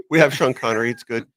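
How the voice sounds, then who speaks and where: A man's voice: mid-range voice, no room sound, clean studio sound. A man co-hosting a radio talk show, joking and telling stories in casual chat. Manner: joking, animated storyteller. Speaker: co-host.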